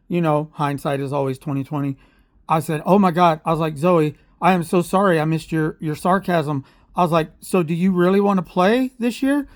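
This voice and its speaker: A man's voice: fairly high pitch, dry recording, studio quality. A man telling a heated, rambling story as a parent in a casual vlog, emotional and often correcting himself. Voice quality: emotional, openly aggrieved.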